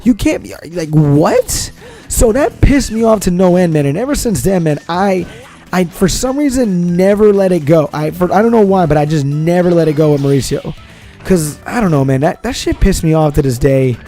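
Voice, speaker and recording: A young man tells a rambling personal story in casual, profane slang, circling back over the same points again and again. His voice sits high yet has a dark, mellow tone. Faint music plays quietly underneath. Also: lively intonation, fairly quick. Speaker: vlogger.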